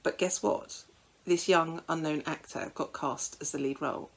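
A woman's voice: low voice, steady tone, normal speed, creaky, low-quality recording. A woman preaching a sermon in a conversational storytelling way, with frequent fillers.

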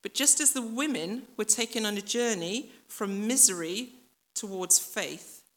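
A woman's voice: medium pitch, a little slow, a bit bright. A woman preacher giving a reflective, conversational sermon that speaks directly to the listeners and acts out voices from the story.

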